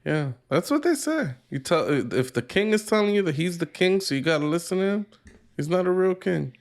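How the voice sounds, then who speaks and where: Male podcast co-host, mid pitch, rambling and profane, filler-heavy casual chat. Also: very animated, fairly quick.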